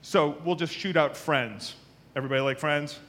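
A man preaching a sermon as a pastor, telling stories with lively acted-out voices. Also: a little high, normal speed. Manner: animated storytelling, acts out voices.

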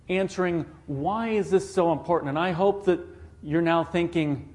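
A man's voice: fairly high pitch, moderate pace, a little mellow. A man preaching a sermon, earnest, putting rhetorical questions to the congregation.

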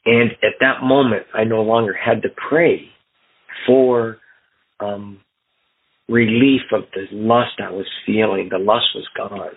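A man's voice: fairly low pitch, fairly even intonation, slow, husky. A man hosting a phone meeting, telling an earnest personal recovery story and acting out his own thoughts. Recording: tinny phone line.

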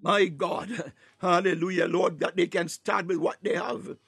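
Male prayer leader with a high, dry voice, praying fervently, hushed one moment and near-shouting the next. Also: steady tone, unhurried, gravelly, husky, no echo. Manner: repeats "oh God" and "Lord" between phrases, swells from hushed to near-shouting; breaks into tongues. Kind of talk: fervent spontaneous morning prayer.

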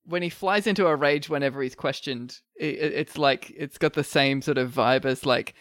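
A man's voice: medium pitch, moderate pace, a bit bright. A man in a casual political chat, joking wryly. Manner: wry, joking.

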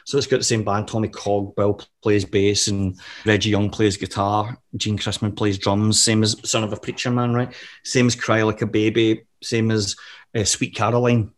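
A middle-aged man, a podcast guest telling swearing-laden anecdotes in a casual, animated way. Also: fairly low pitch, normal speed. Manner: profane, animated anecdotal storyteller. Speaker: interview guest. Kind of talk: casual storytelling interview.

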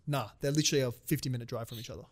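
A man's voice: mid-range voice, very fast. A young man from Australia co-hosting a casual podcast chat, swearing freely and often laughing. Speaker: podcast co-host.

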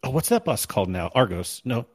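A man's voice: mid-range voice, big pitch swings, a little fast, darkish tone, breathy edge, dry recording. A man co-hosting a casual gaming podcast, rambling and correcting himself as he recalls story missions. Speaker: podcast co-host.

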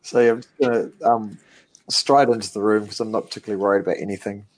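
Laid back guy with a lowish voice rambling thru his turn, um-ing a lot. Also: fast talker, poor audio. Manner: relaxed, rambling with fillers. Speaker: player. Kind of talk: tabletop game play.

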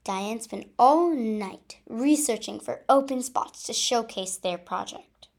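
A woman reading a first-person story aloud with an expressive delivery. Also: medium pitch, takes it slowly, gravelly, hardly any pauses, slight background noise. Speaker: story reader.

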